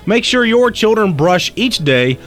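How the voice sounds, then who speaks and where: A man co-hosting a late-night radio talk show, his voice pitched a little high. He rambles through jokes and mocking asides in loose studio banter. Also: very animated, a little slow, fairly bright tone.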